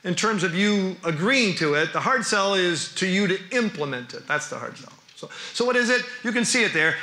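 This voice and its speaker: A high-voiced man with a sharp, forceful tone gives an animated teaching lecture, asking the crowd question after question. He speaks as a New Testament professor. The sound is roomy, as if in a church hall. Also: brisk, few pauses. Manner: animated, with frequent rhetorical questions.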